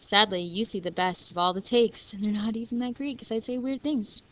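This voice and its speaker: A woman's voice: medium pitch, fairly quick, dull audio. A young woman teaching a math lesson in a chatty, self-deprecating way over a screencast.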